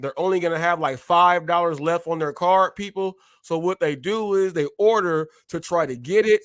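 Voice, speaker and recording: A man hosts a live online talk show with a high voice and an emphatic manner, talking straight to his audience. The sound is dry and close. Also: no room sound. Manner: addresses viewers as "people", emphatic.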